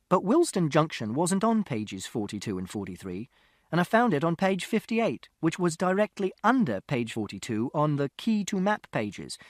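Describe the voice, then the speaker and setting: A man's voice: fairly high pitch, dry recording, clean studio sound. A man narrating an audiobook in the first person, with a precise, literal, methodical delivery.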